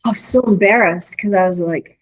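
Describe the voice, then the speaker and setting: A woman's voice: mid-range voice, brisk, rough recording. A woman guest in an interview, telling stories earnestly and with feeling, restarting her phrases often. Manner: earnest, emotive storyteller with restarts. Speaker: leadership coach and guest. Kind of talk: storytelling in conversation.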